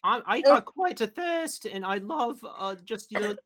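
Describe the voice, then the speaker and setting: Brief: man doing a high, bright comic raccoon voice, a deliberately bad accent, dawdling and overly polite. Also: animated. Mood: hammy. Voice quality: high put-on silly accent. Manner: drawn-out, polite, rambling order at a bar. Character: adopted male raccoon raised by rats, thirsty bar patron.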